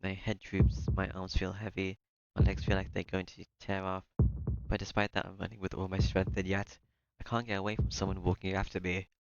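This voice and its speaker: A man's voice: low-pitched, level tone, fairly quick, muffled recording, background noise. A man reading a visual novel aloud in the first person, breaking off now and then for joking asides. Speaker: let's-play streamer.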